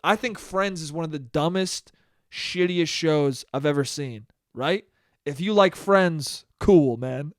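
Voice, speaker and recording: A young man with a fairly high voice rants alone into his podcast mic, swearing freely and slipping into mocking impressions of critics. The sound is dry and close, with no room around it. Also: slow pace, no room sound. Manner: animated ranting, mocking voices of critics, frequent swearing and laughing. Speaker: podcast host. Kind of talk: solo podcast monologue.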